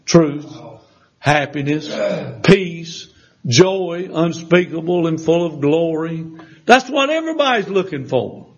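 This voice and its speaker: A man's voice: fairly high pitch, lively intonation, slow pace. A man preaching a sermon, telling a personal testimony in a folksy way, with restarts and acted-out quoted voices. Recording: dull lo-fi sound.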